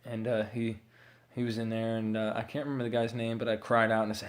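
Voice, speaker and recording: A man's voice: lowish voice, flat delivery, brisk, a bit bright. A man candidly telling his own addiction recovery story, rambling and swearing freely as he acts out what people said.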